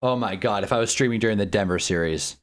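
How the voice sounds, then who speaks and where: Annoyed guy venting about his team losing, sarcastic, gets loud and mocking sometimes. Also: fairly low pitch, quick pace. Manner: frustrated, sarcastic, swings into loud mock outrage. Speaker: sports fan streamer. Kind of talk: ranting basketball reaction.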